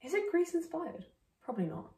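A woman's voice: very high-pitched, big pitch swings, fairly quick, mellow, distant mic. A young woman chatting casually as she reacts to a video at home, joking and swearing freely. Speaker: YouTube reactor. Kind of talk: casual reaction vlog chat. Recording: roomy recording with faint music behind.

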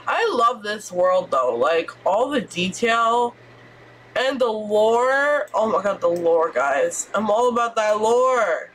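A woman streamer giving excitable let's-play commentary, squealing and swearing as she reacts. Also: mid-range voice, slow pace, slight background noise.

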